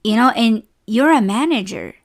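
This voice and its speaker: A woman's voice: fairly high pitch, lively intonation, normal speed. A young woman hosting a podcast, telling a personal work story casually and emotionally, with many fillers and restarts, close to tears. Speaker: podcast host.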